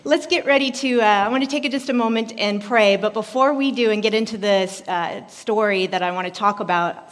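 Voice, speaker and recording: A woman pastor in her forties preaching a sermon in a church, telling a story in an animated way and acting out voices. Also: a little high. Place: church sanctuary. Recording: reverberant hall.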